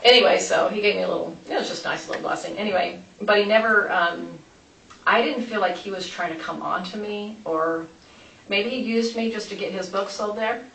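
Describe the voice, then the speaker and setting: Woman interviewee, gravelly, rambling storyteller; far-off mic in a reverberant room. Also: mid-range voice, a little fast, fairly bright tone. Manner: rambling, many restarts and asides. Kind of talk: recounting events in a police interview. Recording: echoey room, distant mic, background noise.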